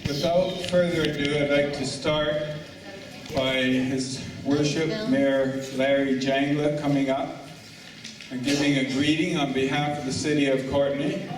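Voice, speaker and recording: A man's voice: a little high, steady tone, a little slow. An older man emceeing a lunch event, rambling and stumbling, then correcting himself. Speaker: master of ceremonies. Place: banquet hall at a lunch event. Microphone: far room recording. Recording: echoey hall from far off.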